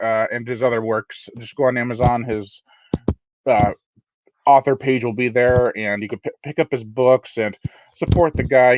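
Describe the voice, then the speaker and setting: A man's voice: mid-range voice, dry recording, lo-fi sound. A man hosting a live unboxing stream in a casual, rambling, self-deprecating way, often restarting his sentences. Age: adult. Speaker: horror channel host.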